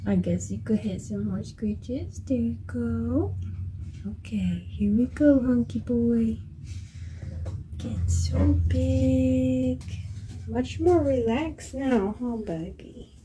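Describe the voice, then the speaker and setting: A woman vlogging about her pets, talking to them in soft, cooing baby talk between casual explanations. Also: fairly high pitch, lively intonation, takes it slowly, slight background noise. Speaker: pet-keeping vlogger. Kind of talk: casual vlog chat.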